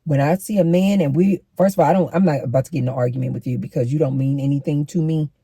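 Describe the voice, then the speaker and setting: Speaking fast in a deep, warm, slightly rough voice with no echo, a middle-aged woman lectures her female viewers on relationships. Her to-camera advice is emphatic and preachy.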